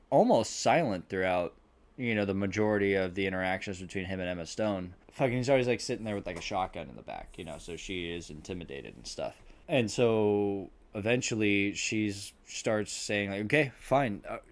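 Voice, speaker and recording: A man on a podcast rambling through a film plot, swearing freely and acting out the characters' lines. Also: fairly low pitch. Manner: rambling, swears a lot, acts out quotes. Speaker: podcast host. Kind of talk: casual movie recap.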